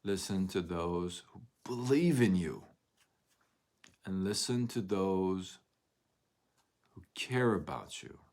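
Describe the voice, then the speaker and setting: Man, very low voice, slow unhurried delivery, earnest motivational host, emotional. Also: lively intonation, a little mellow. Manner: earnest, emotional, repetitive encouragement. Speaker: motivational live-stream host. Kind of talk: motivational live talk.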